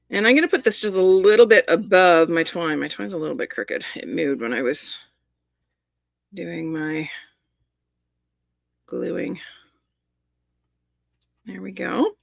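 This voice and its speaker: A woman's voice: lowish voice, unhurried, creaky, long pauses, no echo. Middle-aged lady talking thru a card-making demo, chatty and upbeat, dry close sound. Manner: chatty, enthusiastic, talks while working. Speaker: papercraft demonstrator. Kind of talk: live crafting demonstration.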